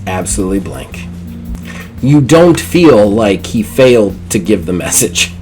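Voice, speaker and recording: A man narrating as game master of a tabletop game, telling the scene with lively energy and fillers. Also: on the low side, measured pace, soft background music. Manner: animated storytelling with many fillers.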